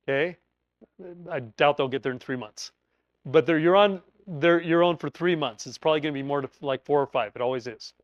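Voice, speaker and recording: A man teaching emergency preparedness, talking through a scenario in an animated storytelling way and acting out quoted voices. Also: fairly high pitch, a little fast, dry recording, lo-fi sound.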